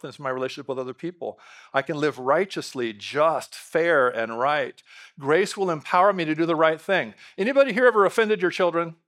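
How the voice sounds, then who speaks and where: A middle-aged male pastor preaching a lively sermon, bantering with the congregation and asking them questions. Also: medium pitch. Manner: lively, talks with the congregation, quick asides.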